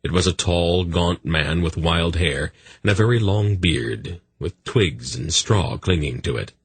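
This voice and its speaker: A man narrating a fantasy audiobook in a measured, steady storytelling manner. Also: deep voice, slightly rough, dry recording.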